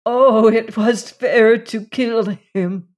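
Reader doing a childlike woman, lisping, broken English, high and slow, storybook. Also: steady tone, close to an everyday voice. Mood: simple. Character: wan childlike young woman, simple and gentle.

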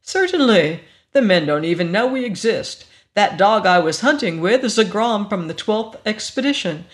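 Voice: medium pitch, expressive, normal speed, pitched above the performer's own voice, natural voice. A narrator voicing a carefree alien dog. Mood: persuasive. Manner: easygoing, stubborn. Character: young shape-shifting alien in dog form, carefree.

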